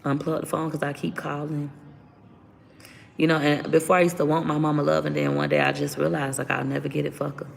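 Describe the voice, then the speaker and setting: A woman's voice: low voice, little pitch movement, brisk, creaky, big-room sound, a little hiss or hum. A woman talking candidly as an interview guest about her own life, blunt and profane as she vents. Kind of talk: candid personal storytelling.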